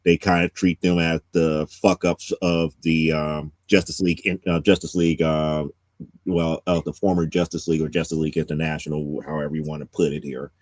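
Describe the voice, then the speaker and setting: A man's voice: extremely low pitch, flat delivery, moderate pace, a little mellow, no room sound. A man hosting a casual comics podcast, giving a rambling plot recap with many restarts. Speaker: podcast host.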